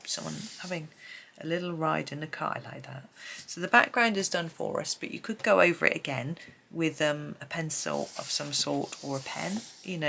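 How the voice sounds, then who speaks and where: A woman's voice: low voice, creaky, a bit bright, slight background noise. A woman, sleepy and just woken up, chatting casually and musing aloud as she flips through pages, with light laughs. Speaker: host. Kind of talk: casual flip-through chat.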